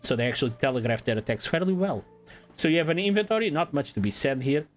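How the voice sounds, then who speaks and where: A man giving casual let's-play commentary in a relaxed, playful way, swearing now and then. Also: fairly high pitch, quick pace, faint music behind. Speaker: gaming channel host.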